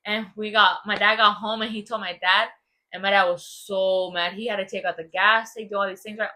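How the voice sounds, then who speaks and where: A young woman co-hosting a podcast, chatting casually and telling family stories with quick asides. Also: medium pitch, steady tone, sharp tone. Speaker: podcast co-host. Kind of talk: casual chat.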